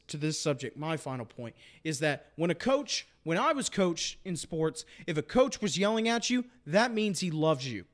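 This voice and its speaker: Casting note: young male sports podcast host, slightly high-pitched, fired-up and emphatic, hammers his points home. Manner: impassioned, emphatic, repeats points. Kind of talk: casual sports chat.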